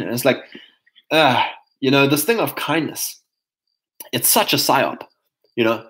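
A man's voice: medium pitch, animated, a little slow, pauses often, a bit bright. Emphatic man ranting on a livestream. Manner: emphatic, mocking voices of others, reads chat comments aloud. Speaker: livestream host reading chat. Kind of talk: casual livestream monologue.

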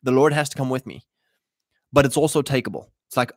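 A man's voice: medium pitch, fairly quick, pauses often, darkish tone, dry recording, studio quality. A man hosting a casual, preaching talk to other men, blunt and exhorting, retelling old stories in everyday slang. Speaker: podcast host addressing men.

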